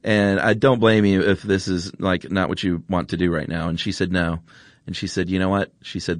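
A man hosting a podcast, telling a story in a relaxed, rambling way with lots of fillers, then chatting casually. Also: low voice, normal speed, dry recording, studio quality. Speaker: podcast host.

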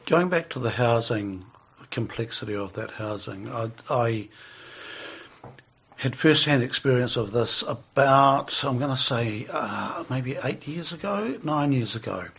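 A man's voice: mid-range voice, expressive, a little slow, gravelly, a bit bright, slightly rough. A middle-aged man, telling a rambling story in casual conversation and chuckling as he goes.

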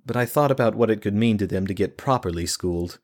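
A man voicing a defeated, grieving village mother who talks in a flat, bitter monotone. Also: lowish voice, quick pace, close to an everyday voice. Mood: weary, bitter.

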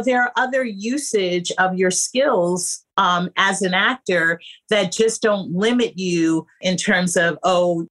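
A woman's voice: medium pitch, fairly bright tone. A woman acting coach and casting director giving emphatic, conversational advice to actors on a podcast. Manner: emphatic, conversational, addresses listeners as you guys.

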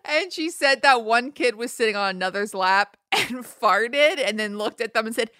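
A woman co-hosting a casual chat podcast, telling embarrassing stories and giggling often. Her voice is bright and forward. The sound is dry and close. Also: on the high side, animated, moderate pace, no room sound. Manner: giggly, storytelling with frequent laughs. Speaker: podcast co-host.

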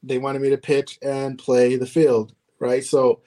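A middle-aged man telling stories in casual podcast chat, relaxed and quick to laugh. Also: mid-range voice. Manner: relaxed, chatty, laughs often, acts out quoted shouting. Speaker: podcast co-host, former ballplayer.

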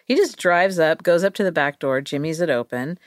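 A woman's voice: deep voice, animated, fairly quick, no echo, studio quality. A woman co-hosting a podcast, telling a story in a playful, casual way, laughing often and acting out quoted voices. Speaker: podcast co-host.

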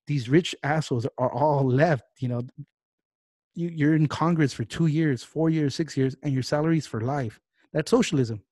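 A man's voice: a little high, darkish tone, dry recording, studio quality. A man hosting a podcast, ranting heatedly and swearing freely in casual talk. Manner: heated, profane, fast-talking rants. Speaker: podcast host. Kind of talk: casual political rant.

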